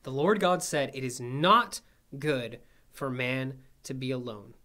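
A man's voice: medium pitch, lively intonation, measured pace, pushed and bright. A man leading a conversational Bible study, reading verses and explaining them with frequent checking questions. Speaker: Bible class teacher.

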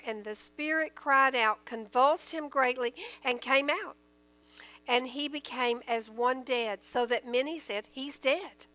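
Bright high-voiced woman teaching scripture. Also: rough recording. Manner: earnest, explains verses in plain everyday terms. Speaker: Bible teacher. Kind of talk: Bible teaching, reading scripture aloud.

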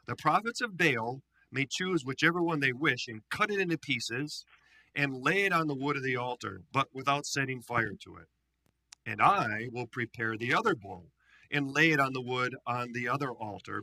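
A man's voice: medium pitch, bright, forceful tone, full character voice, rough recording. A man voicing a bold male prophet who challenges his rivals, in a declaiming, commanding read.

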